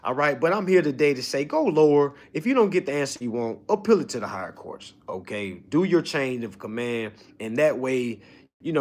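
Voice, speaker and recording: A man giving a casual, preachy motivational lecture to his students, tagging nearly every sentence with "all right?" and swinging from low mutters to loud urging. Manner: emphatic and preachy, constant "all right?" check-ins. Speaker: online course teacher.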